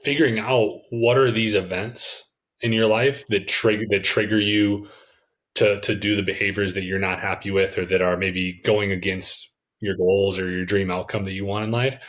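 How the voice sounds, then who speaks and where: A man hosting a podcast, talking in a relaxed, enthusiastic way with lots of casual fillers. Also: lowish voice, moderate pace. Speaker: podcast host.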